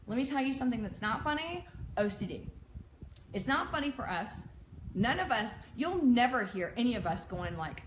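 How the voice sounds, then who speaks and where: A woman's voice: fairly high pitch, big pitch swings, normal speed. A woman speaking straight to her viewers, blunt and exasperated, with sarcastic asides and frequent laughter. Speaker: vlogger and OCD peer advocate. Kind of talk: direct-to-camera rant. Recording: echoey room with faint background noise.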